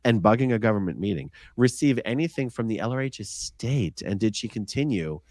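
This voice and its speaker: A man's voice: fairly low pitch, animated, a little fast, darkish tone, no room sound, clean studio sound. A man hosting a live-stream panel chat, reading viewer comments aloud and pressing guests with pointed questions. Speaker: host.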